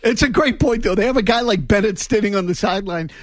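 A man's voice: sits high, quick pace, no room sound. A man co-hosting a sports talk show, chatting casually with many fillers.

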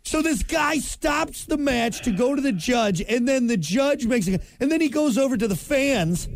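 A man's voice: very high voice, normal speed. Chatty man doing morning sports talk. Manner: rambling, animated storytelling with impressions. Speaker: morning show sports co-host. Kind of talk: casual radio banter.

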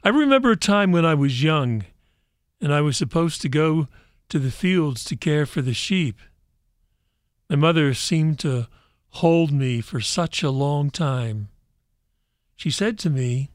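A man reads a story aloud, gentle and measured, at a very slow pace. His voice sits a little high and the sound is dry and close. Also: expressive, no room sound. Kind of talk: reading a Christmas story aloud.

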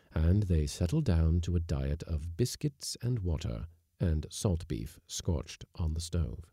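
A man narrating an audiobook story with measured, expressive delivery on a close mic. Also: low voice, breathy edge, dry recording.

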